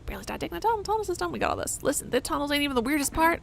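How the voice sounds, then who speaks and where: A woman voicing a gruff, half-deaf male tunnel digger who shouts and cusses. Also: high-pitched, very animated, very fast, a little hiss or hum, voice pushed up, exaggerated voice. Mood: shouting. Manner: shouts, rough and cussing.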